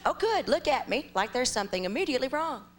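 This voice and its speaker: A young woman from Ohio doing stand-up on a live stage, her voice swooping up and down as she exaggerates her stories. She performs with lively, theatrical timing, and a faint hiss sits under the recording. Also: sits high, fast. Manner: animated, exaggerated storytelling. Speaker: stand-up comedian. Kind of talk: stand-up comedy set.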